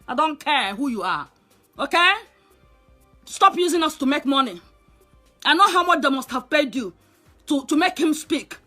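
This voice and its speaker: A woman's voice: sits high, animated, normal speed, pauses often, bright, forceful tone, soft background music. A woman with a Nigerian accent delivering a heated, scolding rant straight to the listener, firing off rhetorical questions and repeating herself. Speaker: online commentator. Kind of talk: angry direct-to-camera rant.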